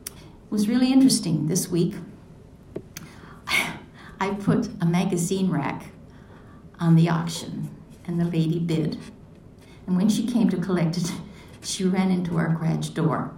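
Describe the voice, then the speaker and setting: A woman's voice: fairly low pitch, a little slow, vocal fry, long pauses, dark tone, a little hiss or hum. A woman giving a personal devotional talk, reflective and asking many questions as she reads scripture and tells a story. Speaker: devotional speaker. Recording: echoey room, mic at a distance.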